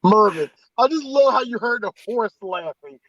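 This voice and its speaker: A man co-hosting a podcast, chatting loosely about a movie, animated and profane. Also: sits high, moderate pace, dry recording, poor audio. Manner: animated, profane, jumps into impressions. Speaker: podcast co-host. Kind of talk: casual movie review chat.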